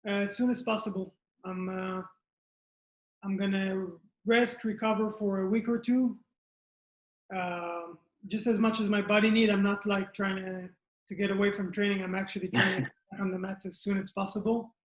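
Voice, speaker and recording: A man's voice: sits high, level tone, moderate pace. A man, a fighter answering interview questions in plainspoken short phrases. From Israel. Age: 20s. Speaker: mixed martial arts fighter. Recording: echoey room.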